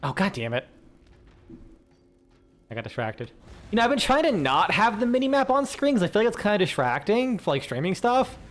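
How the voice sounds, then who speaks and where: A man's voice: high voice, very animated, fairly quick, pauses often. A male streamer chatting casually while he plays, rambling and swearing as he tells stories. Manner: rambling, swearing, laughing storyteller. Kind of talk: casual chat while gaming.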